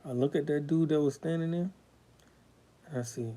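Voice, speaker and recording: Dark deep-toned guy telling his story straight, swearing a lot, real emotional. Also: normal speed. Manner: blunt and profane, speaks with raw emotion. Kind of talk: candid storytelling.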